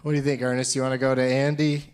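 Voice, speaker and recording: A man's voice: medium pitch, little pitch movement, very fast, a little mellow. A man hosting a live comedy podcast, running a movie game with playful banter and frequent laughs.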